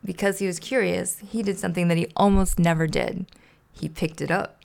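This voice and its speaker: A woman's voice: lowish voice, steady tone, a little fast, gravelly, a little mellow. Woman reading a storybook aloud. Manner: playful, laughs to herself. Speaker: podcast host.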